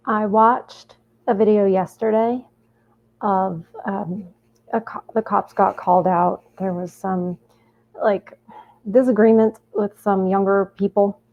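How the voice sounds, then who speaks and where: A woman's voice: medium pitch, fairly even intonation, slow. A woman hosting a reaction show, rambling through casual commentary with many restarts and fillers. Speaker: host reacting to a video. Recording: tinny phone-like audio.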